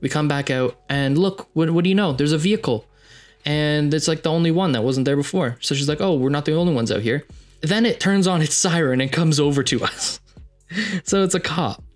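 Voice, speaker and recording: A man's voice: on the high side, moderate pace, soft background music. A young man hosting a podcast, telling a story casually with rambling asides and lots of fillers. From Canada, Ontario. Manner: rambling, filler-heavy, animated retelling. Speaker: podcast host.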